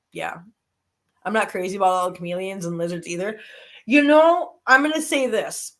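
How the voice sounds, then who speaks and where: Hosting a live stream, a woman chats easily with viewers and tells lively stories, ranging from low grumbling to high-pitched squeals. Her tone is a bit bright.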